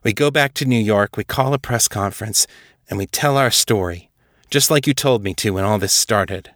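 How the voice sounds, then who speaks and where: A man's voice: on the low side, normal speed, fairly bright tone, no echo, studio quality, lightly acted. A man reading aloud as a weary, outspoken woman officer, speaking bluntly and pressing her point. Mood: determined.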